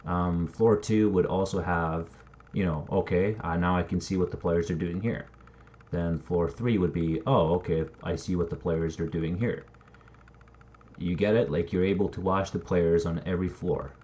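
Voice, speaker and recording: A man's voice: deep voice, normal speed, warm tone. A man building a game map and thinking aloud in casual, rambling commentary, swearing now and then. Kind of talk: casual screen-recording commentary. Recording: dull lo-fi mic with faint noise and typing.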